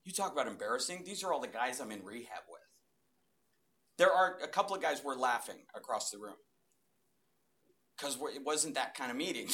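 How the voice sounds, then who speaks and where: A man in his fifties stands before a church audience and tells his testimony. His delivery swings from sudden loud bursts to quiet, hushed asides, and he keeps the story moving with lively energy. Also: mid-range voice, brisk, long pauses. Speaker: speaker giving a testimony. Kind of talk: testimony talk to a live audience.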